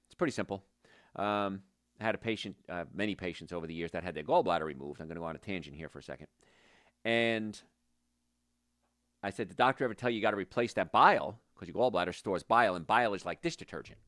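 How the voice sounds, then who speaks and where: A middle-aged man hosting a casual health talk, folksy and rambling, going off on tangents and pitching his services. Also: a bit bright, dry recording, studio quality. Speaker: health practitioner and show host.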